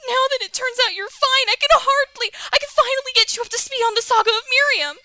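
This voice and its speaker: A woman voicing an excitable young woman best friend in a game, gushing in a high, breathless voice. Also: quick pace, full character voice. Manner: shrill, gushing, breathless chatter.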